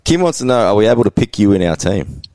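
A man's voice: on the low side, very animated, fast talker, a little mellow, no echo. A man hosting a casual fantasy sports podcast, laid-back and laughing often, calling everyone mate. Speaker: podcast host.

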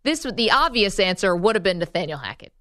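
A woman co-hosting a sports radio show, chatting casually and bantering with quick laughs. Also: medium pitch, sing-song, a bit bright, no room sound. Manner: laughs often, quick back-and-forth banter. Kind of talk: casual sports talk chat.

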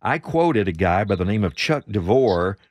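Animated talk radio host. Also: male voice, fairly low pitch, normal speed. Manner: animated storyteller, hesitant restarts. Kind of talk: political talk radio chat.

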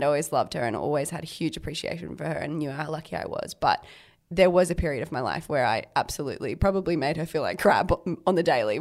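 A woman co-hosting a podcast, a mother talking in a reflective, thoughtful way in casual chat, with frequent "like" fillers. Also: sits low. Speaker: podcast co-host.

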